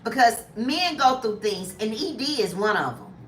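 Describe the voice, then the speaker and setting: A woman in her fifties chatting casually as a lifestyle vlogger, animated and jumping to high squeals when acting out reactions. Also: normal speed, roomy sound, far from the mic, slight background noise. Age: 50s. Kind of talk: casual chat.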